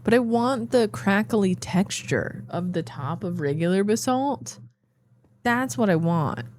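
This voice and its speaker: A tired woman streamer rambling and thinking out loud as she plays a game, with playful asides. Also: medium pitch, lively intonation, a little slow, a little hiss or hum. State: yawning, tired. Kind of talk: casual gameplay commentary.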